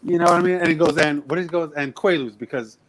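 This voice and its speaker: A man's voice: on the high side, fast, crowd noise. A man co-hosting a podcast in casual chat, talking animatedly with lots of swearing and acting out movie lines. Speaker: podcast co-host.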